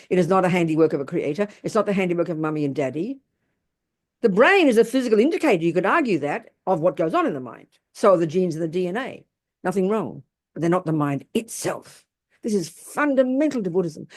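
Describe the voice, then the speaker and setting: A woman's voice: fairly low pitch, darkish tone. A woman giving a Buddhist teaching to an audience, blunt, emphatic and colloquial. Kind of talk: Dharma talk to an audience.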